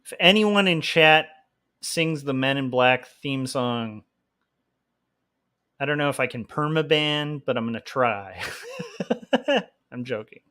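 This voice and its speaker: Man, livestream host, casual rambling chat, filler-heavy, laughs often, mid-pitched voice. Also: animated, slow pace, long pauses, pushed and bright. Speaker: livestream host and comic artist. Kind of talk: casual chat while drawing.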